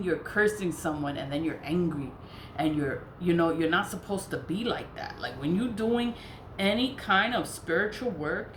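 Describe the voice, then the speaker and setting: A woman telling a personal story in a casual monologue, blunt and profane, repeating herself for emphasis. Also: low voice. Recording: echoey room with faint background noise.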